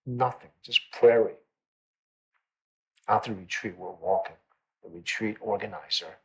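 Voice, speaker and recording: A man's voice: on the low side, slightly rough, poor audio. A man teaching a meditation class in a conversational way, often checking in with his listeners and repeating phrases for emphasis. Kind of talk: dharma talk to a class.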